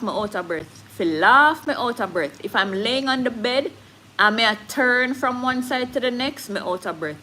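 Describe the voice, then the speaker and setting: A woman's voice: on the high side, bright, forceful tone, a little hiss or hum, low-quality recording. Candid jamaican woman, casual live chat. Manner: candid, switching into patois, reads viewer comments. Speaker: live-stream host.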